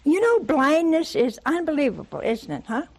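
An older woman preaching a sermon, telling a Bible story with lively rhetorical questions and acted-out dialogue. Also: sits high, moderate pace.

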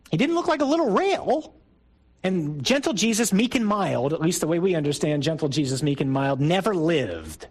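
In poor audio, a middle-aged priest with a high voice addresses a men's group. His sermon talk feels conversational and emphatic, punctuated by rising bursts.

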